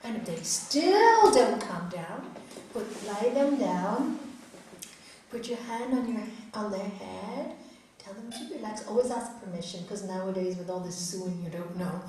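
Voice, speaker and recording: A middle-aged woman giving an earnest, expressive spiritual talk as a raja yoga teacher to an audience in a hall. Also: medium pitch, unhurried. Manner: earnest, expressive, acts out quotes. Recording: echoey hall, distant mic, faint noise.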